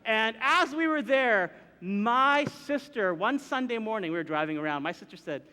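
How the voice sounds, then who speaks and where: Man, live storyteller, high bright voice, animated, acts out voices, long hall reverb. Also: moderate pace. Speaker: minister telling a personal story.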